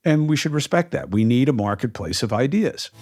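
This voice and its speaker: A man's voice: medium pitch, expressive, brisk, darkish tone, soft background music. A man hosting a podcast, talking emphatically about his views, with many ums and uhs. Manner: emphatic, frequent fillers. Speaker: podcast host. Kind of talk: opinionated casual talk.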